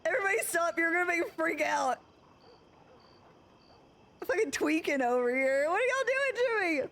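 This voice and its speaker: Young woman streamer, very high voice, excitable and swearing. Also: moderate pace. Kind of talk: live-streamed game roleplay chat.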